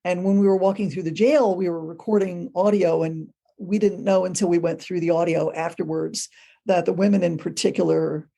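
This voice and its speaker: A woman guest on a podcast, a ghost tour guide, telling stories in a casual, animated way. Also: on the low side, a little fast, creaky. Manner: animated, acts out quoted voices. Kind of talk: casual storytelling.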